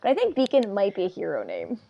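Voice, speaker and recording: A woman's voice: medium pitch, wildly swooping pitch, quick pace, gravelly, dark tone, lo-fi sound. A woman co-hosting a podcast, recapping an episode in casual, rambling chat full of "like". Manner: chatty, rambling, frequent "like" fillers. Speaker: podcast co-host.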